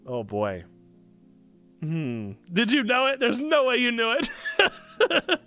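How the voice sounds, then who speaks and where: Bright, animated male streamer. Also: fairly high pitch, slow pace, long pauses. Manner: playful, laughing, reading to chat. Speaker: streamer and church host. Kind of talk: casual live-stream chat. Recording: faint piano music behind.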